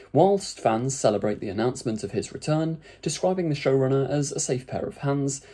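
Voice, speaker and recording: Man reads out a review and riffs casually between lines; warm, slightly husky tone. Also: mid-range voice. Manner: chatty, with frequent "like" and "kind of" fillers. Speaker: YouTube reviewer. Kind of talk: reading a review aloud with casual commentary.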